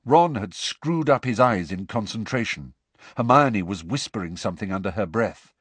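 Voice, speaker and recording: Low, husky, expressive male storyteller. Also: moderate pace, no echo. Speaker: audiobook narrator. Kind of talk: scripted narration.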